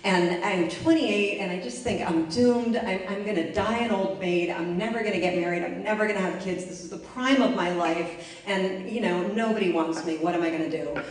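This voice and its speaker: A woman's voice: mid-range voice, moderate pace, hardly any pauses. A woman telling a personal story to a live audience in a wry, self-mocking comic way. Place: library event space. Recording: echoey room, mic far off.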